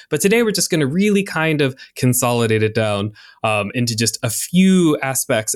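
Young male podcast co-host, casual and jokey, lots of ums and likes, mid-pitched voice. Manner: chatty, filler-heavy, jokey. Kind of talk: casual chat.

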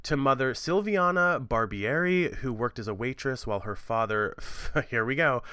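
A man in his thirties co-hosts a casual true-crime podcast, rambling cheerfully through his story with fillers, asides, and laughs. His medium-pitched voice is expressive, bright, and crisp at a moderate pace. He sits close on a dry mic with no room sound.

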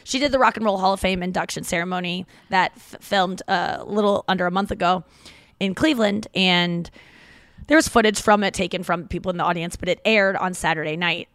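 A woman's voice: fairly low pitch, a bit bright, no echo, studio quality. A woman co-hosting a podcast in casual chat, talking in a chatty, rambling, gushing way. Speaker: podcast co-host.

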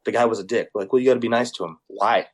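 Animated, swearing young man storyteller. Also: lowish voice, racing. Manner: animated storyteller, swears freely, acts out quoted people. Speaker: podcast co-host. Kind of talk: casual chat.

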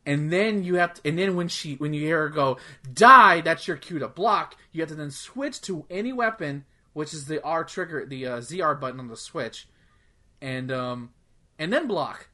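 Speaking at a normal speed, this co-host has a fairly high voice with a fairly bright tone. His laid-back gaming talk on the podcast meanders, heavy on "like" and swear words.

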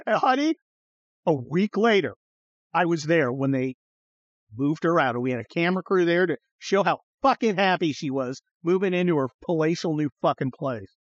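A middle-aged man hosting a podcast, telling stories in a profane, animated way and acting out the people he quotes. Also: a little high, moderate pace, dry recording. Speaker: podcast host. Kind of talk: casual storytelling chat. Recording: slightly dull, dry studio sound.

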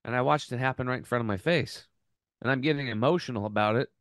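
A man who hosts a health podcast earnestly tells an emotional story, sounding close and animated and restarting often. His voice is medium-pitched and quick, with no room sound.

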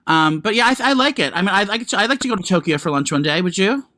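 A man's voice: sits high, animated, fast talker, sharp tone, no room sound. A man co-hosting a podcast in casual chat, telling stories in loose rambling bursts with crude asides and restarts. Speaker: podcast co-host.

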